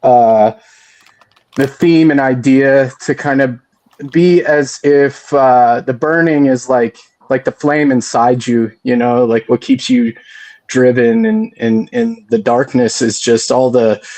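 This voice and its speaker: A man who sings in a band, chatting casually in a podcast interview, halting with many fillers and restarts. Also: medium pitch, warm tone. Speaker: band singer.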